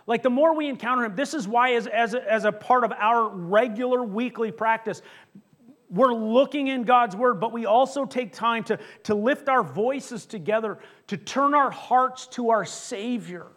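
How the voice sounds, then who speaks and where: A man preaching a sermon as pastor, conversational and animated, acting out quotes and often restarting his words. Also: very high voice. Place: church sanctuary.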